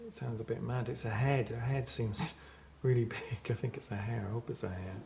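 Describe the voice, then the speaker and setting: A man's voice: medium pitch, steady tone, a little fast, gravelly, darkish tone. Hesitant man medium in an echoey room. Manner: hesitant, describing sensations. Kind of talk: paranormal investigation. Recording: echoey room with background noise.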